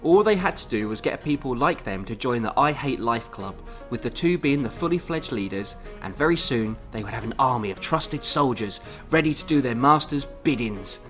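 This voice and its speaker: Guy in his 30s reading his old story, super lively voice, bits of music behind. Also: medium pitch, normal speed, few pauses. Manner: animated, self-mocking, laughs often. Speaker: podcast co-host and story reader.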